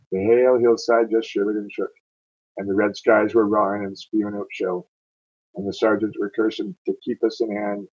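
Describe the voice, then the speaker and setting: A man's voice: on the low side, darkish tone, breathy edge, highs cut off. A man reading narrative verse aloud and chatting afterward, in a loose, stumbling way, often correcting himself. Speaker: amateur poetry reader.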